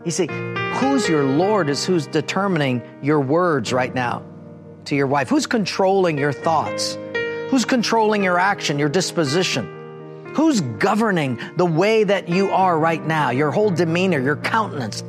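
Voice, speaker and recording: A middle-aged man preaching a sermon, telling a personal story with lively acted-out dialogue. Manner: animated storytelling, acting out quoted voices with big pitch jumps. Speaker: pastor.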